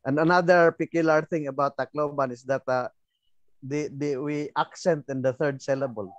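A man's voice: a little high, fairly even intonation, normal speed, no room sound. Man on a dull, dry video call. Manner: laughs lightly while explaining. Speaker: professor, panelist. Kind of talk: online panel discussion.

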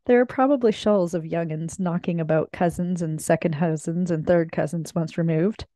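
A woman's voice: on the low side, moderate pace, dark tone, dry recording, lightly acted. A woman voicing an easygoing, offhand young man in a classic mystery read aloud, with a casual drawl.

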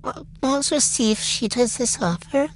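A woman giving casual, excitable gameplay commentary and tips, gushing and full of "like". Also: high voice, normal speed, a little hiss or hum. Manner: gushing, excitable, lots of fillers like "like". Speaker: game creator.

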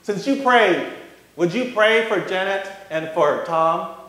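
A man putting on a pushy high-voiced older lady. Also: lively intonation, slow pace, a bit bright. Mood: insistent. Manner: high insistent talkative. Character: pushy chatty older woman passenger. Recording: echoey large hall.

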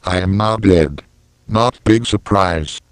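A man voicing a rude, grumpy cartoon character in a meme parody, in a flat, monotone delivery. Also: low-pitched, slow, clear, resonant tone, no echo. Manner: monotone, reads internet slang aloud.

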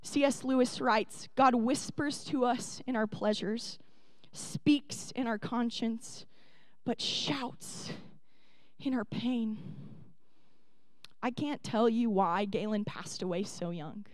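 A woman's voice: fairly high pitch, slow, darkish tone, dry recording. A young woman pastor delivering a sermon, tender and earnest, building to emphatic peaks.

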